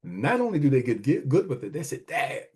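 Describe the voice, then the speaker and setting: A man's voice: mid-range voice, very animated, quick pace, darkish tone, breathy edge. A middle-aged man hosting a wealth podcast, giving emphatic, preachy motivational money talk and repeating phrases for effect. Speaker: wealth advisor and podcast host.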